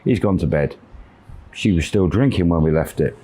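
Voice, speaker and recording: A man telling a long story in a relaxed, rambling way, with fillers and quoted dialogue. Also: deep voice, moderate pace, slight background noise, rough recording. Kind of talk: casual spoken storytelling.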